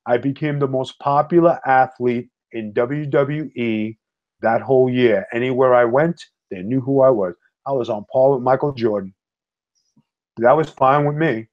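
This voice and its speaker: A middle-aged man telling wrestling-career stories in a blunt, tough-talking, animated way, as a podcast guest. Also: medium pitch. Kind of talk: storytelling in casual chat. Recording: slightly dull lo-fi audio.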